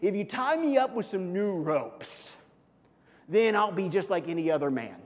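A man's voice: high voice, very animated, normal speed, in a large hall. A male preacher voicing a dim-witted young strongman who talks in a casual, offhand way.

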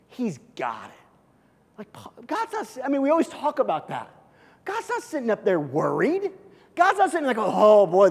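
A man preaching a sermon in a lively, animated way, now and then acting out imagined lines. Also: high-pitched, big-room sound. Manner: animated preaching, acts out God's voice in asides. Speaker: pastor.

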